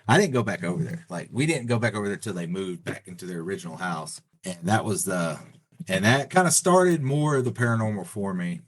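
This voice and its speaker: Deep-voiced man telling a story. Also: animated, a little fast, breathy edge. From Texas. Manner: rambling, filler-heavy retelling with many "you know" and "like". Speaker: podcast guest. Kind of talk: casual storytelling.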